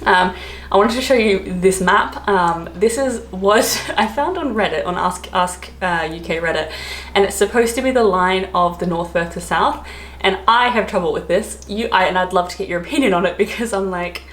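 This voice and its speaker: A woman's voice: mid-range voice, normal speed, fairly bright tone, slight background noise. An Australian woman vlogging in casual chat, rambling with lots of fillers and asides. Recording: echoey room.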